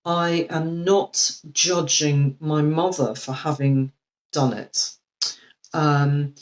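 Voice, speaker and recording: A woman coach giving a live video talk, speaking gently and reflectively with frequent ums and restarts. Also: deep voice, rough recording. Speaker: life coach.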